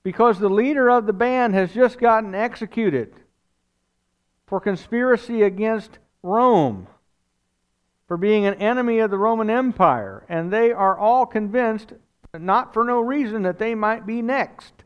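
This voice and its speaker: A man's voice: high-pitched, measured pace, clear, resonant tone. Man, pastor, sermon, conversational storytelling, resonant voice, slightly muffled recording. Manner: conversational, animated storytelling with asides.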